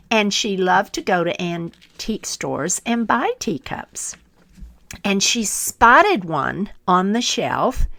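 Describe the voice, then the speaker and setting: A woman's voice: medium pitch, a bit bright. A woman hosting a faith podcast, speaking earnestly and encouragingly as she tells a story. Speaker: podcast host.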